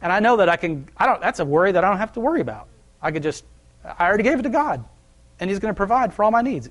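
A young adult man preaching a sermon in a conversational, folksy way. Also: sits high.

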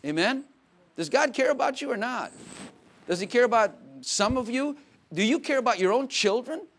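A man preaching a sermon in a conversational way, dropping to quiet asides and rising to loud emphatic bursts, with frequent laughs. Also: very high voice, animated, normal speed. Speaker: pastor.

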